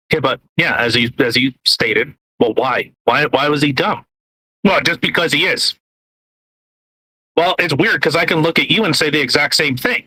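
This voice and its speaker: A man's voice: on the high side, normal speed, bright, forceful tone, dry recording, low-quality recording. A man co-hosting a podcast, rambling through casual political chat with lots of fillers, restarts and blunt swearing. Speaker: podcast co-host. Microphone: podcast mic, eating while talking.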